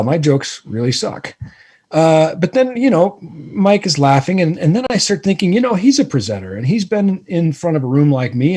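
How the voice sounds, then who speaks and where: A man guest telling a self-deprecating story in casual chat, animated and rambling with lots of fillers. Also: fairly high pitch, breathy edge. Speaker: guest, lighting presenter.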